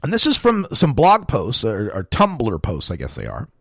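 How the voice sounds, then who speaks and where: Man, 40s, talk radio host, lively pitch swings, fired-up swearing rant, dry close sound. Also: normal speed, gravelly, breathy edge, no room sound. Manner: impassioned, profane ranting.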